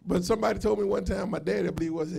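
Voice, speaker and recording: A man preaching a live sermon as a pastor, shouting, laughing and swinging between loud and soft. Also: high-pitched, rapid-fire, vocal fry, slightly rough, soft background music. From United States.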